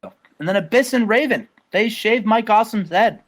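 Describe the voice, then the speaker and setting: A man hosting a casual game playthrough, retelling events in an animated, rambling way with lots of fillers. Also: high voice, brisk. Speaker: host.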